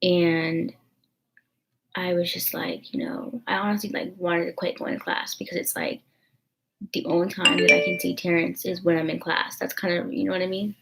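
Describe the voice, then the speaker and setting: A woman's voice: lowish voice, expressive, moderate pace, vocal fry, music in the background. A young woman vlogging in a rambling, emotional, confessional way, full of fillers. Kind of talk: casual confessional vlog chat.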